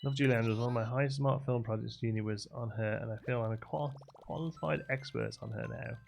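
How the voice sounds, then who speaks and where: Young guy rambling on his game stream, gravelly fry in his voice, answering chat. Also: medium pitch, fairly even intonation, fast, a little mellow. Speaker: live streamer. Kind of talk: casual live-stream chat. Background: faint game music.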